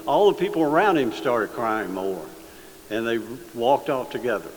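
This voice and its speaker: A man, a state senator telling an audience a joke story in an easygoing, halting way with many fillers. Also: on the low side. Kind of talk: folksy speech with a joke story. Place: large hall, addressing an audience. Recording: long hall reverb, faint hiss.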